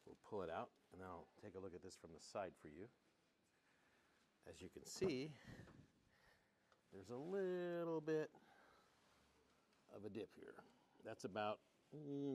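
A man working as a car salesman gives a casual walkaround demo indoors, talking in a hushed golf announcer voice. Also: lowish voice, a little hiss or hum.

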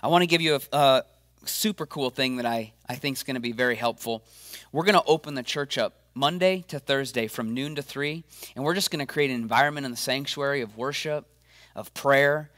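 A man preaching an encouraging sermon as pastor in a church video update, energetic and acting out the voices of people he quotes. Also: medium pitch, brisk, dry recording, studio quality.

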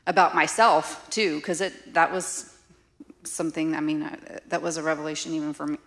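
A middle-aged woman, co-teaching a church marriage class in a candid, animated, conversational way. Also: sits low, moderate pace. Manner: candid, animated, laughs easily.

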